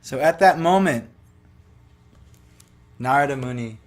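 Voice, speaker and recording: Male devotional speaker, casual storyteller, mid-pitched, chatty and loose, heavy on filler words. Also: lively intonation, a little slow, soft background music. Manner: loose, conversational, lots of "like" and "you know".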